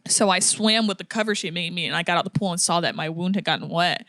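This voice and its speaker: A young woman co-hosts a podcast, casually telling a story, acting out people's quotes, and laughing often. Her voice sits on the low side and she talks fast, recorded with clean studio sound and no room noise.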